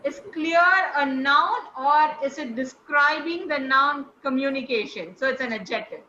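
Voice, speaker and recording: Bright high-voiced woman teaching. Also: moderate pace, a little hiss or hum. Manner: encouraging, quizzes listeners. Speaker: speaking coach. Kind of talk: online teaching session. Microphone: video call. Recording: echoey, slightly dull call audio.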